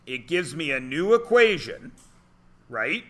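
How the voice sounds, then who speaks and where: A man's voice: fairly high pitch, very animated, slow, pushed and bright. A man teaching math to a class, giving instructions and explaining steps with dry, theatrical jokes. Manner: dry, theatrical joking with students. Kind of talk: classroom lecture.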